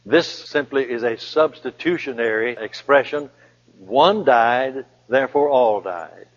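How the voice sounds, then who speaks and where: A man preaching a sermon and reading scripture, repeating key phrases and slowing down to stress them. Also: mid-range voice. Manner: emphatic, repeats key phrases and slows down for emphasis. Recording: dull lo-fi recording in a reverberant hall.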